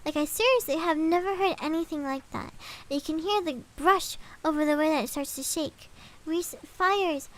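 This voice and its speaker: A woman's voice: sits high, moderate pace. A woman streamer casually reading a scary story aloud, swapping swear words for milder ones and breaking off for chatty asides.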